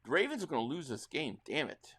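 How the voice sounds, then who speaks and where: This is a middle-aged man with a New Jersey accent, hosting a live football reaction stream. His voice sits a little high and swings widely in pitch. He drifts from one topic to the next, and he calls the plays as they happen. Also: fast talker. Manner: rambling chat with chat readers, bursts into excited play calls. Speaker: livestream host reacting to a football game.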